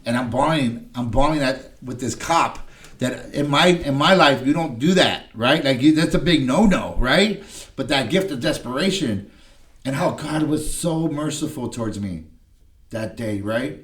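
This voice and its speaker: A man's voice: medium pitch, expressive, normal speed, fairly bright tone. A man telling an emotional personal story as a podcast guest, rambling and blunt, often tagging "right?" onto his sentences. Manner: swearing, blunt.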